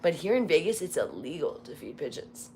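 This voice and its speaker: A woman's voice: deep voice, very animated, fairly quick, darkish tone, slight background noise. A woman hosting a casual livestream, rambling through stories with lots of "like," her voice cracking now and then. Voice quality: voice cracks when tired. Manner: rambling storyteller, heavy use of "like". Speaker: livestream host.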